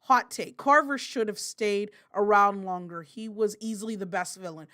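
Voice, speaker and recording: A woman hosting a casual live stream, reading out viewer chat in a chatty, rambling way, often apologizing and breaking into loud, excited bursts. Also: medium pitch, normal speed. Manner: apologetic and rambling, with many fillers.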